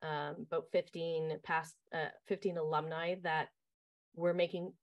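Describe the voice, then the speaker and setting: Casting note: camp director, woman, fairly low voice, chatty and animated, telling camp stories with lots of ums. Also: unhurried, muffled recording. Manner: lively, acts out quoted voices, many fillers. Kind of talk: casual interview storytelling.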